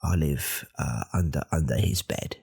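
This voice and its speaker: Brief: man doing a very low, husky alpha-bro podcaster in whispered role-play, rambling and self-important. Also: normal speed, exaggerated voice. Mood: hushed. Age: 30s. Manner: hushed, rambling, self-correcting. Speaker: podcast host.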